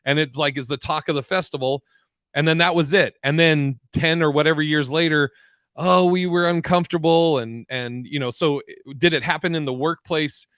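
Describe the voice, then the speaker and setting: A man's voice: fairly high pitch, steady tone, moderate pace, fairly bright tone, dry recording, studio quality. Profane, rambling man on a podcast. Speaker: podcast co-host. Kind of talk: casual live-stream chat reading comments.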